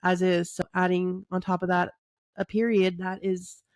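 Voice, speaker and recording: A woman co-hosting a podcast in casual chat, animated, with lots of fillers and swearing. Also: fairly low pitch, moderate pace, dry recording. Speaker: podcast co-host.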